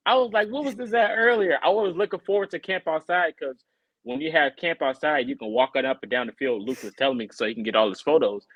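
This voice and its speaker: Animated man telling a story on a podcast. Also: medium pitch, quick pace, dry recording, muffled recording. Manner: animated, acts out quoted voices. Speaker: podcast co-host. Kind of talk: casual storytelling chat.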